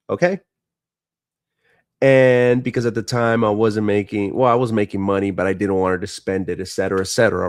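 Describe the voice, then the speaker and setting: A man's voice: on the low side, dry recording, clean studio sound. A man streaming live, frankly telling a personal family story in a casual, profane and emotional way.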